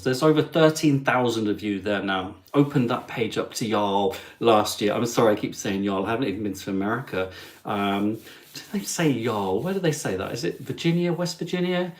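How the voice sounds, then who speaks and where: A man's voice: mid-range voice, moderate pace. A man hosting his travel livestream, chatting in a cheeky, jokey way with asides to viewers. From England. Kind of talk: chatty live stream.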